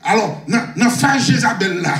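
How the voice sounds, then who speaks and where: A man's voice: sits high, expressive, normal speed, fairly bright tone. A male pastor preaching a sermon with fiery call-and-response repetition in a church. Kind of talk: sermon in Haitian Creole and French. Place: church sanctuary. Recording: echoey church from far off with music.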